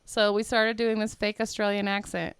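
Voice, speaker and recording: Animated, foul-mouthed woman comedian. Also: medium pitch, normal speed, clear, resonant tone, no room sound. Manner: animated, profane storytelling. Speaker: stand-up comedian, podcast guest. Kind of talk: casual podcast chat.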